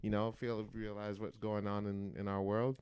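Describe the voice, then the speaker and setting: A man co-hosting a casual podcast, excitable and jokey, swearing freely as he talks. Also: lowish voice, normal speed, a little hiss or hum. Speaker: podcast co-host. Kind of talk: casual chat. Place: Toronto.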